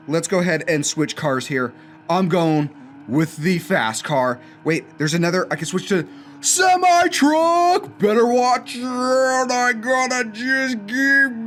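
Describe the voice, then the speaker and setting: An energetic young man hosts a coding school showcase, playing student-made games and cheering them on. His voice sits high, and he jokes about how bad he is at games. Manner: energetic, enthusiastic, self-mocking. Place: indoor studio with green screen.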